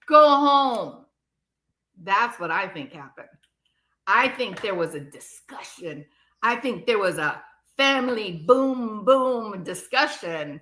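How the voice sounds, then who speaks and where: A woman talks through a true crime story in an unhurried, deliberate way. Her voice is bright and crisp and sits a little high. She turns sarcastic and acts out the people she quotes. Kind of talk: casual commentary.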